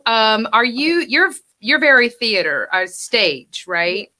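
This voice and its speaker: A woman giving an actor feedback over a video call, chatty, now and then acting out lines in a hush. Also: fairly high pitch, very animated, slow pace, few pauses. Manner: coaching, chatty, acts out lines in hushed whispers. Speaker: judge and acting coach.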